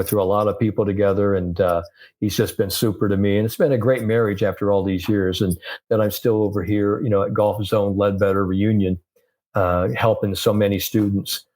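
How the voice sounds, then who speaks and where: An older man, a sports psychologist, telling a story in an interview and lively acting out the voices of the people in it. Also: fairly low pitch, brisk.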